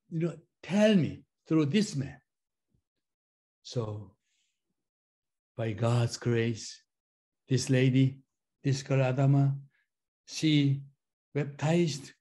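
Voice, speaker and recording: A middle-aged man whose first language is Korean, a pastor giving a testimony in a slow, halting way, repeating phrases as he goes. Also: mid-range voice, dark tone. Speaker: pastor and former missionary. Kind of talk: sermon-style personal testimony.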